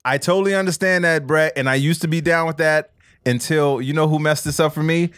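A man co-hosting a casual podcast, relaxed and riffing with casual swearing. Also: on the high side, brisk, clean tone, no echo, studio quality. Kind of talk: casual chat.

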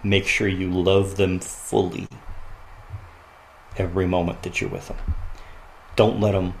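A man's voice: deep voice, little pitch movement, unhurried, a little hiss or hum. A man who is a podcast guest, telling personal stories in an earnest, reflective way and often laughing. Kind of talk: heartfelt podcast conversation.

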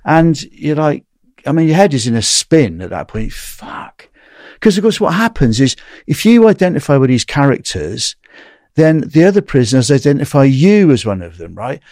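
A man's voice: medium pitch, very animated, normal speed, darkish tone, no room sound, clean studio sound. A man from England, recounting his time in a US prison in a rambling, anecdotal way, often tagging "right?". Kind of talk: casual storytelling interview.

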